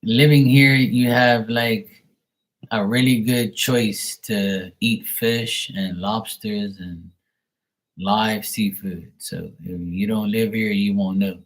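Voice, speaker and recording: A man's voice: lowish voice, fairly even intonation, slow. A man hosting a livestream, chatting casually and bluntly with viewers and swearing freely. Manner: profane, blunt, talks back to viewers. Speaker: livestream host.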